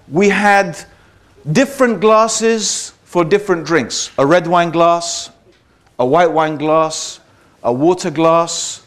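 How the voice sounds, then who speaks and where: A man giving a public talk to a live audience, conversational and wry, often checking in with "okay?" and "right?". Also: sits high. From Britain. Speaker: speaker addressing an audience.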